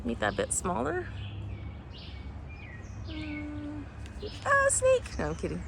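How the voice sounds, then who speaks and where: A woman's voice: high-pitched, wildly swooping pitch, slow pace, vocal fry. A middle-aged woman from Canada, chatting in a rambling way with many fillers while walking outdoors and filming on a handheld phone. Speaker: vlogger. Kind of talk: casual chat while walking. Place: outdoors on a neighborhood road. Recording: loud outdoor background noise.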